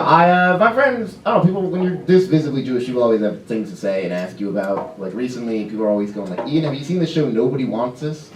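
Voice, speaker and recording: A young man doing a self-deprecating stand-up routine on a comedy club stage, with quick asides and stumbling restarts, heard from a distance over audience laughter. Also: mid-range voice, reverberant, heavy background noise.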